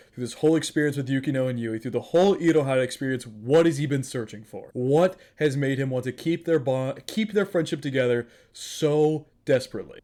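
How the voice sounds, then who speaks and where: A man's voice: medium pitch, a little mellow. Man, anime reactor, emotional, keeps repeating himself, casual talk.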